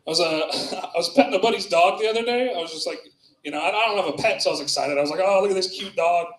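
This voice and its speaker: A man's voice: high-pitched, very fast, fairly bright tone. A man doing a loose, rambling stand-up set with crowd work in a small club, often laughing at his own jokes. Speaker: stand-up comedian. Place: small club with live audience. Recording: echoey club room.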